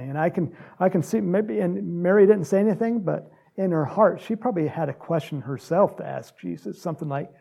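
A man's voice: high voice, brisk, gravelly, hardly any pauses, dark tone. A man preaching an informal, conversational sermon, with frequent fillers. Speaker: pastor.

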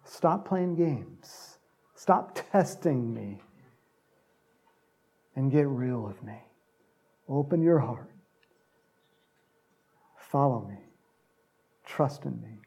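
Preacher doing an earnest male teacher begging you to get real, husky and gravelly. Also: mid-range voice, lively intonation, extremely slow, long pauses, dark tone, exaggerated voice.

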